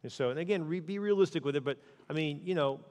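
A male pastor giving a conversational sermon on marriage. Now and then he goes quiet and soft to act out what a spouse might say. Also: fairly high pitch, fast, big-room sound.

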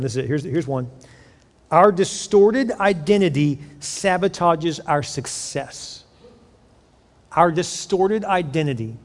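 A man preaching a sermon as pastor, animated and joking, acting out the voices he quotes. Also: fairly high pitch. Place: church. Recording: long reverb of a church hall.

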